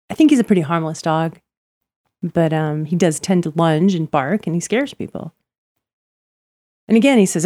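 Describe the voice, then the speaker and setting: A woman's voice: on the low side, animated, brisk, dark tone, no room sound. A woman chatting casually, telling stories about her neighbors, acting out their lines and laughing often. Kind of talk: casual chat.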